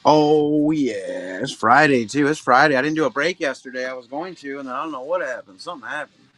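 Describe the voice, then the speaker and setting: A man's voice: mid-range voice, fairly quick, a bit bright, dry recording. A middle-aged man hosting a live card-break stream, chatting loosely and humming little filler sounds between remarks. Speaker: livestream card-break host. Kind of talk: casual live-stream chat.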